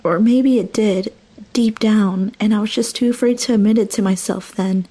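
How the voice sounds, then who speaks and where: A woman's voice: medium pitch, steady tone, moderate pace, dark tone. A young woman narrating a first-person horror story with dramatic, emotional delivery.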